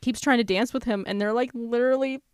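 Animated young woman book-podcast co-host. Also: fairly high pitch, fast talker, clean tone, dry recording, studio quality. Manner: animated and exasperated, laughs often, many fillers. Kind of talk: casual book-club chat.

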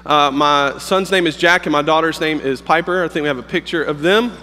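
A man's voice: on the high side, bright, forceful tone. A man in his thirties, a pastor, preaching in a humorous, storytelling way with plenty of fillers and restarts. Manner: joking, storytelling, halting with fillers. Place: campus worship hall. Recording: long hall reverb.

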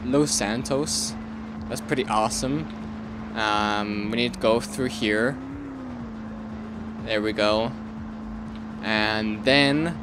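Young man giving excitable game commentary. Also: fairly low pitch, background noise. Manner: rambling, excitable reactions with sudden yelps and repeated pleas. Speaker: gaming channel host. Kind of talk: let's play commentary.

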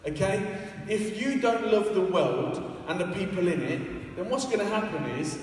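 Joking preacher in an echoey hall. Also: male voice, high voice, animated, normal speed, few pauses, darkish tone. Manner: chatty, joking, self-deprecating. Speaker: evangelist preacher. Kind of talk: casual sermon. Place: church hall. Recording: echoey hall, far from the mic.

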